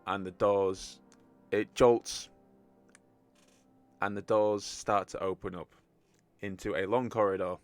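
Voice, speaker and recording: A man's voice: fairly low pitch, fairly even intonation, takes it slowly, pauses often. A man narrating a tabletop game as game master over an online voice call, joking and laughing easily. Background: faint battle music.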